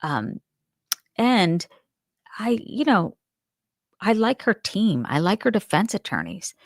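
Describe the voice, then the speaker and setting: A woman's voice: medium pitch, big pitch swings, slow, no echo, studio quality. A woman hosting a crime show, giving casual, candid opinions and thinking aloud as she talks.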